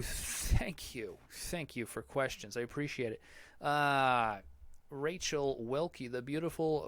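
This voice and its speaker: A man's voice: medium pitch, dry recording. A man hosting a casual live Q&A podcast, answering chat in a rambling, profane, joking way.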